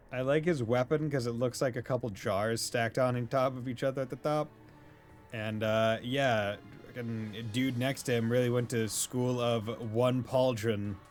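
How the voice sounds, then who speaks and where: Joking male game streamer. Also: medium pitch. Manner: joking, reads game lines aloud. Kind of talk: casual gameplay commentary.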